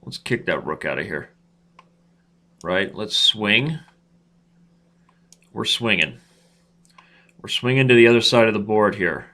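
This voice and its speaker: Brief: man, thirties, chess streamer, playful trash talk, bright forceful tone, slightly low voice. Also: lively intonation, unhurried, pauses often. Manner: playful trash talk, talks to himself and viewers. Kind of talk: live chess commentary.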